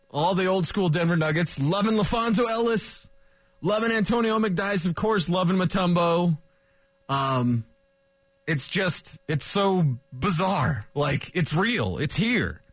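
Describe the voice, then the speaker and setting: A middle-aged man from Colorado hosting a sports radio show, talking fast and excitedly with little chuckles between thoughts. His voice sits high for a man and he sounds slightly out of breath. The mic is close and dry, with no room sound. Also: no echo. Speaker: sports talk host.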